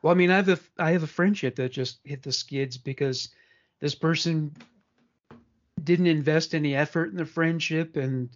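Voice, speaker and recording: A man's voice: on the high side, normal speed. A man in his forties, co-hosting a podcast in frank, rambling casual chat with crude language. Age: 40s. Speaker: podcast co-host. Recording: dull lo-fi sound.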